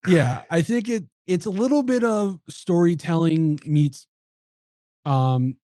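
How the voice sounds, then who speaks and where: A man's voice: sits high, slow, mellow, dry recording, studio quality. A man, a comedian and podcast co-host, chatting casually and laughing through his stories on a podcast mic. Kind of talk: casual chat.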